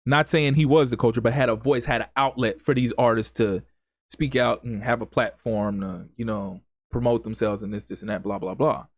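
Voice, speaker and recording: A man's voice: mid-range voice, steady tone, moderate pace, no room sound, studio quality. A man hosting a solo podcast, speaking in an impassioned, emphatic way with lots of repetition and casual grammar. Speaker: podcast host.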